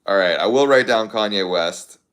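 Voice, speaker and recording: A man's voice: lowish voice, normal speed, fairly bright tone. A young man casually chatting to his viewers, thinking aloud in a rambling way with lots of fillers. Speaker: content creator.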